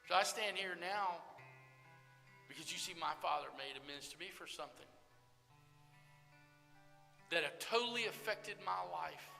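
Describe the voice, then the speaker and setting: An older man giving an earnest testimony sermon, with loud stresses and hushed lines, speaking straight to the crowd. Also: high voice, gravelly. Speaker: recovery ministry speaker. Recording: live hall recording with reverb and faint music.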